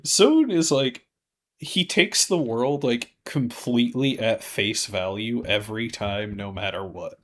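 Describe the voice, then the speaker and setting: A man's voice: a little slow, slight background noise. Jokey man podcast co-host. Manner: jokey, acts out characters' lines with big pitch jumps. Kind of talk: casual chat.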